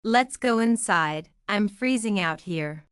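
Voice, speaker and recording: A woman's voice: medium pitch, lively intonation, slow, smooth, no echo, studio quality. A woman reading English example phrases in a lesson, enunciating carefully and repeating each phrase. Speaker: English teacher.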